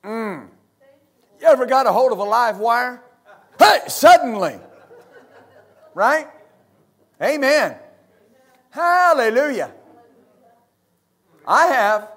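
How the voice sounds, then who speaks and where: A middle-aged pastor from West Texas, preaching a fervent sermon full of amens and hallelujahs. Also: male voice, extremely high pitch, animated, measured pace, long pauses, a bit bright.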